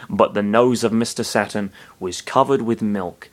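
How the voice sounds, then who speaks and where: A man's voice: lowish voice, normal speed, few pauses. A man reading fan fiction aloud, breaking off for sarcastic, muttered asides full of swearing.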